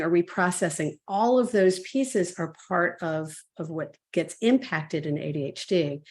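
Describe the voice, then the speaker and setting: A middle-aged woman coach in a webinar, laying out her points one by one in a clear, orderly way. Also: fairly low pitch. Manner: methodical, lists points one by one. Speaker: parenting coach and expert guest. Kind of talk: explaining in a webinar.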